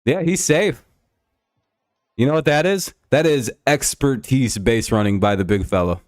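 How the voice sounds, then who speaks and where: A man streaming live, chatting casually about a baseball game, excitable, swearing freely and bantering with his chat. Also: medium pitch, moderate pace, no room sound, studio quality.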